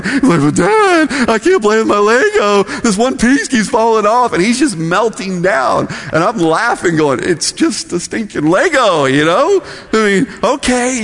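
A middle-aged man preaching a sermon as pastor, conversational and storytelling. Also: on the high side. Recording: long hall reverb.

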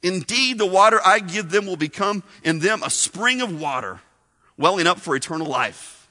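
A man voicing a calm male teacher who speaks in measured, solemn words, in a reverberant hall. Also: sits high.

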